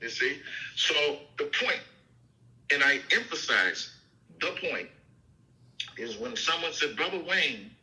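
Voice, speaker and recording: Male minister, informal Bible teaching, emphatic and repetitive, bright tone. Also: on the high side, big pitch swings, slow pace, pauses often, low-quality recording. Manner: emphatic, repeats "okay?" and "you see?".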